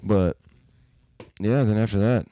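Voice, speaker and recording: A man's voice: on the low side, takes it slowly, warm tone, dry recording, clean studio sound. A man on a podcast telling rambling stories in a loose, casual way, swearing often and using lots of fillers. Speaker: podcast host. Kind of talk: casual storytelling.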